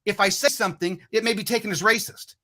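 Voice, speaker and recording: High, bright-voiced man telling a rambling story. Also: fairly even intonation, quick pace. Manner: rambling, profane, frequent restarts. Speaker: podcast guest. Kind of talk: casual storytelling.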